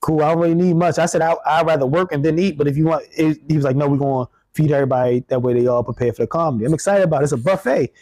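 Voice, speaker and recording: A man's voice: on the high side, very fast, few pauses, mellow, no room sound. A man, a comedian, telling a funny story in casual chat, acting out the people he quotes, with many restarts. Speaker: comedian guest.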